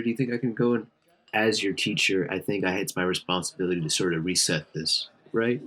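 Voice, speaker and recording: A man's voice: low-pitched, fairly quick, bright, forceful tone, breathy edge. A man role-playing his character at a tabletop game, boisterous and stumbling over words. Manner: boisterous, stumbling, pushy encouragement. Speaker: player.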